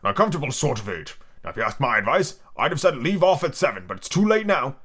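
A man's voice: mid-range voice, sing-song, fast, a bit bright, husky. A man voicing a pompous, touchy male egg-shaped creature who talks down with scornful growls in an amateur podcast book reading. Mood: haughty.

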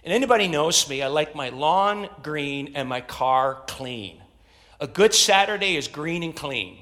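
A man's voice: a little high, lively intonation, a little slow, a bit bright. A middle-aged man preaching a sermon as pastor, emphatic, repeating phrases and rallying his congregation. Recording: long reverb of a large hall.

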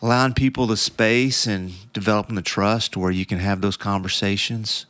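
A middle-aged man speaks in a lowish, smooth, clear voice, recorded dry and close. He tells his story casually and rambles, full of fillers and restarts. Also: fairly even intonation, normal speed, fairly bright tone, no echo. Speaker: podcast guest.

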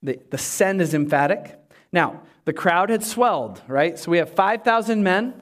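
A pastor delivering a sermon, emphatic and animated, with humorous asides to the congregation. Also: male voice, high voice, normal speed.

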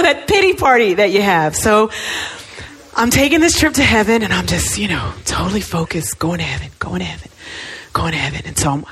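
A middle-aged woman giving a personal testimony message, telling her story with animated, self-mocking energy. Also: breathy edge. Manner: animated storytelling, swings into high excited self-mockery. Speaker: speaker.

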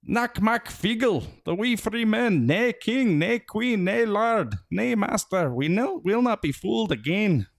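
A man voicing tiny blue fairy warriors with a Scottish accent, boisterous and shouting. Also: sits high, lively intonation, unhurried, vocal fry, few pauses, no echo, clean studio sound, voice pushed up, exaggerated voice. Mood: rowdy chant.

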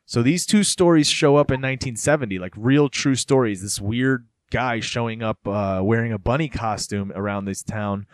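A man hosting a casual podcast chat, telling stories in a rambling, animated way with lots of fillers. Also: medium pitch, normal speed, few pauses, smooth, dry recording, studio quality. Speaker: podcast host.

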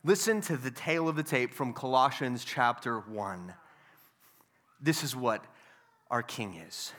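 A man preaching a sermon, telling a story casually and then building to loud, emphatic preaching. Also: medium pitch, measured pace, long pauses. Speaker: pastor.

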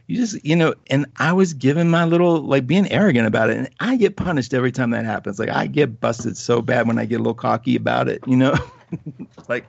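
A man's voice: medium pitch, fairly quick, vocal fry, no room sound, lo-fi sound. Chatty man hosting an astrology show. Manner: chatty, rambling, animated with frequent asides and laughs. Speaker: radio show host, astrologer. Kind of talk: casual solo talk.

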